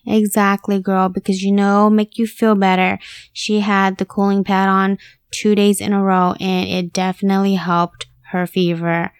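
A woman's voice: medium pitch, level tone, normal speed, smooth, no echo, clean studio sound. A young woman hosting a podcast, chatting candidly and casually about her family and swearing now and then. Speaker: podcast host. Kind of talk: casual personal chat.

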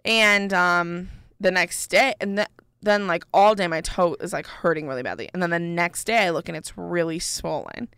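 A woman's voice: lowish voice, moderate pace, a bit bright, clean tone, no room sound, clean studio sound. A young woman co-hosting a podcast, telling a long story in a rambling, chatty way full of "like" and "um". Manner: chatty, rambling, heavy use of "like" and "um". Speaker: podcast co-host. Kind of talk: casual storytelling chat.

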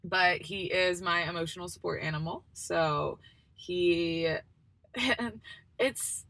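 A woman in her twenties talks through a loose, casual solo chat, full of fillers. Her voice is bright and gravelly, sitting on the low side, and the sound is dry and close with no room around it. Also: slow, dry recording. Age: 20s. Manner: chatty, rambling, lots of "like" and "um". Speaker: podcast host.

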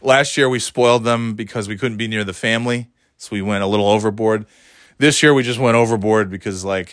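Middle-aged man, low voice, rambling family story, chatty with laughs, dry close sound. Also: fairly even intonation, fairly quick, no echo. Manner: rambling, chatty, laughs often, acts out quotes. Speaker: parent telling a family story. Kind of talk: casual storytelling vlog. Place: warm indoor room.

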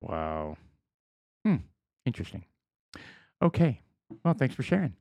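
A man's voice: medium pitch, very animated, unhurried, creaky, darkish tone, dry recording. A man co-hosting a podcast in casual chat, teasing and egging on the storyteller. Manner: playful, teasing interjections. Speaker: podcast co-host.

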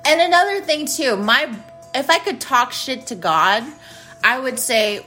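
A woman's voice: sits high, lively intonation, a little slow, pushed and bright, faint music behind. A woman hosting her own show, ranting casually in a blunt, profane, rambling way. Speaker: host. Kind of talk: casual rant to camera.

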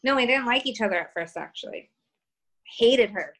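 A woman in her thirties from New York with a Southern twang, telling stories as a podcast guest in a laid-back, halting way. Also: on the high side, expressive, a bit bright, rough recording. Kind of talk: casual interview chat.

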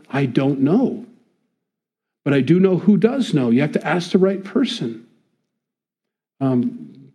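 A man's voice: a little high, warm tone, husky. A man preaching a conversational sermon, asking his listeners rhetorical questions. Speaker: pastor.

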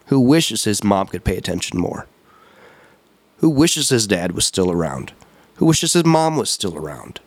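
A man's voice: lowish voice, no room sound. A man hosting a solo podcast, ranting in an emphatic, rambling way, repeating words and correcting himself. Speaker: podcast host. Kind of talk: solo opinion podcast rant.

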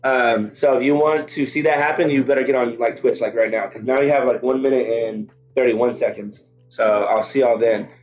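A young man co-hosting a live stream in casual chat, excitable and joking, quick to laugh. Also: mid-range voice, soft background music. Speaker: podcast co-host.

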